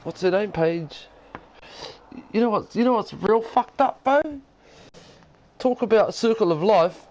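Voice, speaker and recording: A man's voice: sits high, lively intonation, unhurried, a little mellow, poor audio. A man with a New Zealand accent chatting casually as a game streamer from his lounge, rambling and profane. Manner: rambling, profane and laid-back. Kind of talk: casual chat. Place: lounge at home.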